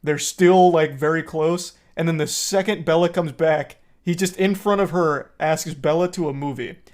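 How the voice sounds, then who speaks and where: A man's voice: a little high, fairly even intonation, normal speed. A man streaming, casually recapping a movie and chatting with viewers in a rambling, joking way. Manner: rambling recap with crude jokes. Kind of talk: casual chat.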